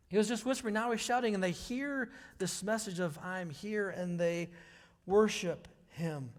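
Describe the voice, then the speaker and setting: A male pastor giving a sermon to his church, talking conversationally and rising to loud, emphatic passages. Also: high-pitched, normal speed. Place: church sanctuary. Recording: hall reverb.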